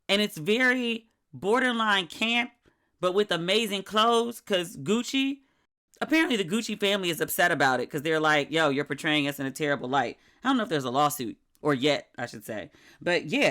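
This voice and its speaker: Chatty woman hosting her own podcast. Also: fairly low pitch. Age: middle-aged. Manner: chatty, candid, acts out quoted friends in animated voices. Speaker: podcast host. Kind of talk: casual solo podcast chat.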